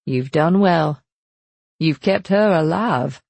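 A gruff, commanding middle-aged sea captain, as a woman narrator puts him on, booming out curt orders in a slow, deliberate way. The voice carries a husky edge and sits dry and close to the mic. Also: a little mellow, no echo, full character voice. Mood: kindly. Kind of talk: audiobook character voice.

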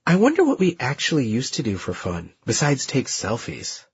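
A man's voice: mid-range voice, wildly swooping pitch, moderate pace, husky, no room sound, exaggerated voice. A man voicing a cheerful young woman who teases wryly. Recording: dull dry recording.

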